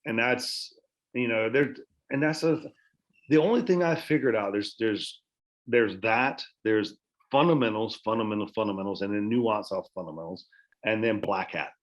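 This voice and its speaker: A man's voice: on the low side, moderate pace. A man chatting casually as a podcast guest, rambling with many restarts and swearing freely. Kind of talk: casual chat.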